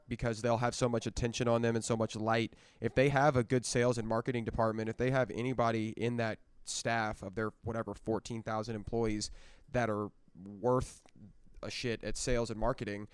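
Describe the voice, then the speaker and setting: Animated man with a smooth, dry voice. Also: medium pitch, a little fast, dry recording. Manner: animated, emphatic. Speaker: podcast guest. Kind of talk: casual chat.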